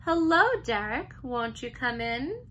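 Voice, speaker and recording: A woman's voice: a little high, expressive, unhurried, bright, forceful tone. A woman voicing a timid mother carefully trying out her first English phrases in a storybook. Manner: hesitant, careful.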